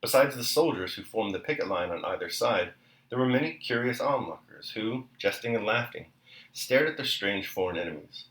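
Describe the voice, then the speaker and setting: A man reading a novel aloud and then reflecting on the chapter, in a measured, even delivery. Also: fairly low pitch, echoey room, poor audio. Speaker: reader and commentator.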